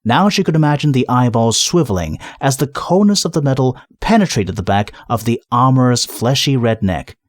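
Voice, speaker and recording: A man narrating a comic fantasy audiobook in a lively, expressive storytelling voice. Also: medium pitch, moderate pace, hardly any pauses, no room sound, clean studio sound.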